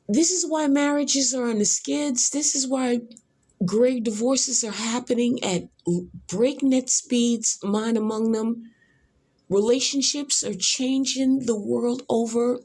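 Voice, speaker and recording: A woman's voice: a little high, darkish tone, slightly rough. A woman hosting a podcast, giving rambling reaction commentary, exclamatory and profane, repeating herself. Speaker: podcast host reacting to a video.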